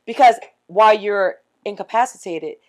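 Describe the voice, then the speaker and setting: A woman's voice: medium pitch, normal speed. A middle-aged woman with a Washington DC accent, co-hosting a podcast in casual chat, telling stories animatedly and acting out what others said. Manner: animated storyteller, acts out quotes. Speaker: podcast co-host.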